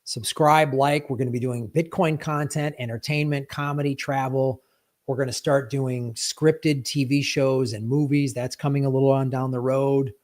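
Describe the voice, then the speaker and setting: A man's voice: medium pitch, steady tone, moderate pace, a little mellow. A man hosting a live stream in casual chat, playful, breaking into sound effects and silly rhymes. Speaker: livestream host.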